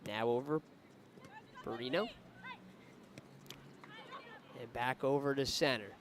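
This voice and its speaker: A man with a mid-range voice calls live play-by-play of a women's soccer match at normal speed, over slight background noise. His excitement rises and his voice lifts as attacks build.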